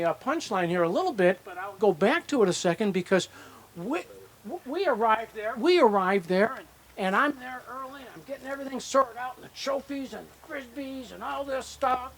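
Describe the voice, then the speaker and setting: With a very high, fairly bright voice, expressive and at normal speed, an older man accepts his hall of fame induction at an outdoor disc golf course ceremony. He rambles through stories, voicing the dialogue himself.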